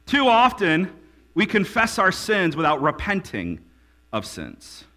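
Animated, high-voiced preacher with bright tone. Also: male voice, takes it slowly. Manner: preaching with rising emphatic build-ups and quiet drops. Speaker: pastor. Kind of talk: sermon.

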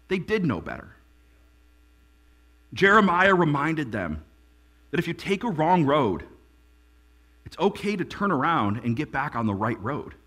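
A male pastor preaches with a high, lively voice that swoops widely across his range. His tone is bright and ringing. He builds to emphatic peaks, then drops to quiet lines, over a faint mains hum. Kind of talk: sermon.

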